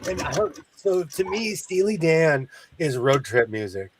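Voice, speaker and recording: A man hosting a casual sewing chat, animated, breaking into song, who mentions a speech impediment. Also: on the high side, measured pace, background noise. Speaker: host.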